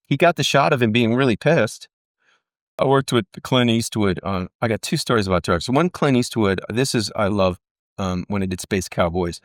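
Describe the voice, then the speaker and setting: A man's voice: medium pitch, no room sound, studio quality. A middle-aged man, an actor, telling stories from his career in a casual interview and acting out the people he quotes. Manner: animated storyteller, acts out quotes. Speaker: actor guest.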